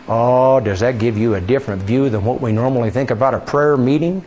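A man's voice: mid-range voice, fairly quick, hardly any pauses, darkish tone, lo-fi sound, slight background noise. A male pastor preaching a sermon in a church, conversational, with many rhetorical questions. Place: church sanctuary.

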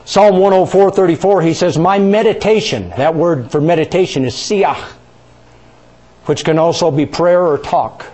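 Call-and-response preaching man. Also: moderate pace. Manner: questioning the congregation, drawing call-and-response; drops soft and low on key words. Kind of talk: sermon.

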